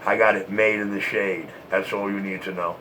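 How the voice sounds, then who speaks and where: A man's voice: on the low side, little pitch movement, normal speed, pushed and bright, slight background noise, poor audio. A man trash-talking and taunting in a repetitive, boastful way, short of breath from smoking.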